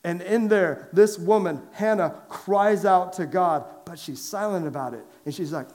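A man preaching to a large church congregation, conversational and lively, asking them direct questions and raising his voice for emphasis. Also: high-pitched, normal speed. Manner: lively and conversational, swings from quiet asides to loud emphatic calls. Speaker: pastor. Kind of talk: sermon. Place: large church sanctuary with a downstairs.

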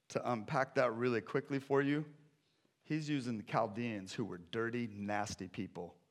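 A male pastor preaching a sermon in a conversational way, moving between loud urgency and quiet intensity. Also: fairly low pitch.

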